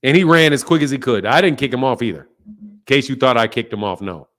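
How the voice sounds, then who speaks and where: A man's voice: mid-range voice, quick pace, fairly bright tone. A man hosting a live boxing call-in show, blunt and profane, teasing his callers and laughing often. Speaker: boxing talk show host. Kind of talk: casual live call-in chat.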